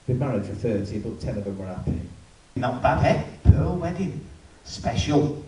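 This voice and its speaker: A man's voice: mid-range voice, very animated, normal speed, warm tone, slight background noise. A man in his fifties doing a stand-up routine at a live venue, telling stories with dry timing and chatting with the audience, heard from far off in a roomy hall. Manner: dry storytelling, chats with the audience. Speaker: stand-up comedian.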